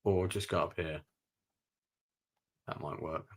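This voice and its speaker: A man's voice: deep voice, fairly even intonation, slow pace, a little hiss or hum. A man streaming a strategy game, giving gameplay commentary and thinking aloud with muttered asides.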